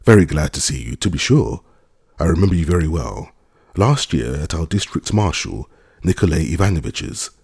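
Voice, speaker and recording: A genial old country landowner with grey whiskers, read by a man in an audiobook. He muses and lectures in a deep, gravelly, husky voice that rises and falls a lot. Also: lively intonation, moderate pace, a little mellow, no room sound, clean studio sound, exaggerated voice. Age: older. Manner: genial, reflective, slightly lecturing.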